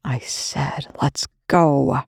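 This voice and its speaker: Gruff urgent armed guy, clipped orders, low dark whispers, as a reader puts him on. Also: fairly even intonation, very slow, dry recording, clean studio sound, exaggerated voice. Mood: strained. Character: urgent, protective male soldier type with injured leg.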